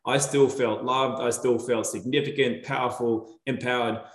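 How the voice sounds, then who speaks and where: A man's voice: medium pitch, moderate pace, echoey room. A man chatting casually as a podcast guest, telling a story and acting out the dialogue in it. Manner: animated storyteller, acts out quoted dialogue. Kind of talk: casual chat.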